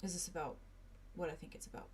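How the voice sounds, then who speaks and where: A woman voicing a stern, diplomatic man who speaks quietly and firmly. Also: on the low side, steady tone, quick pace, a little hiss or hum, natural voice. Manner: quiet, firm, serious.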